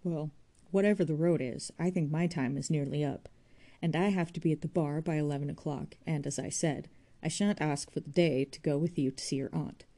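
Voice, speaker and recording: A woman reading aloud voices a blunt, careless young woman who speaks briskly and forcefully. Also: low-pitched, steady tone. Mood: confiding.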